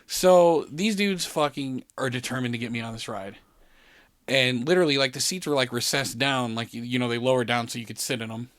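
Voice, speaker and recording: A man's voice: medium pitch, brisk, fairly bright tone, dry recording, clean studio sound. Profane, laughing man telling a rambling story. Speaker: podcast storyteller. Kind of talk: casual chat. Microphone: podcast studio mic.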